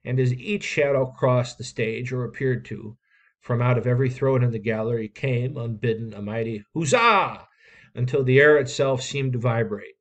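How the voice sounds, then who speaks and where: Man, story reader, steady measured delivery, mid-pitched voice. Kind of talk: reading a short story aloud.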